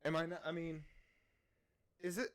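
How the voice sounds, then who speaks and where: A man's voice: on the high side, flat delivery, normal speed, fairly bright tone. A young man co-hosting a casual podcast, chatting with a friend and reading posts aloud with mocking asides and frequent laughter. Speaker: podcast co-host.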